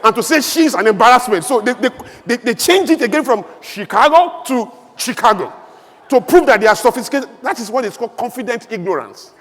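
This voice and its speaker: Nigerian man, conference speaker, high voice, emphatic oratory, long hall reverb. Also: fairly quick. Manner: emphatic, animated oratory with rhetorical questions. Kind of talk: public speech.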